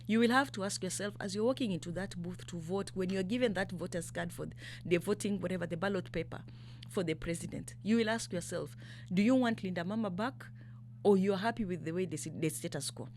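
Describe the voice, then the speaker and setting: A woman's voice: lowish voice, a little fast, a little hiss or hum. A Kenyan woman from the coast speaking as a political candidate in an interview. She talks emphatically, fires off rhetorical questions and switches between English and Swahili. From Kenya, Mombasa. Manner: grows louder and more fired up. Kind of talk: impassioned political interview talk.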